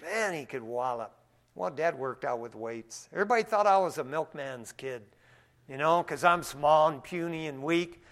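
A man preaching a sermon in a church, his voice sitting somewhat high for a man. He talks in a folksy, down-to-earth way, swinging from hushed asides to loud, excited stretches. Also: moderate pace. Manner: folksy, says "man" often. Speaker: pastor.

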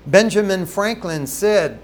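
High-voiced, animated male preacher. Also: takes it slowly. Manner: animated, conversational storytelling with asides to the congregation. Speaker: pastor. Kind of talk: sermon.

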